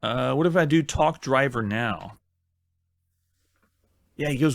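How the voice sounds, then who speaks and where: A man hosts a retro game playthrough, talking his way through each typed command. His voice sits a little high, and he mocks his own fumbles in a chatty, thinking-aloud way. The sound is dry and close, with no room echo. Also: expressive, slow pace, vocal fry, long pauses. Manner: thinks aloud while typing commands, chatty and self-mocking. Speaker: host. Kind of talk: retro game let's-play commentary.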